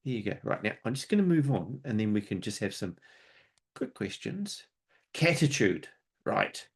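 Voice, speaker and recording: A man with a somewhat low voice presents an unscripted webinar. He talks conversationally and explains his points through homely analogies and little stories. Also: very animated, moderate pace, husky.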